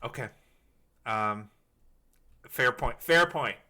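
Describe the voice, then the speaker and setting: A man's voice: mid-range voice, animated, slow, sharp tone. A man hosting a casual podcast chat, rambling with many fillers and restarts. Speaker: podcast host.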